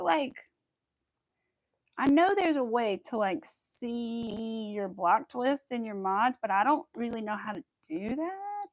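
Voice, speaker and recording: A woman's voice: fairly high pitch, animated, takes it slowly, no room sound. A young adult woman hosting a crochet livestream, chatting casually and rambling with lots of filler words. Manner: laughs often and greets viewers. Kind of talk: casual chat while crafting.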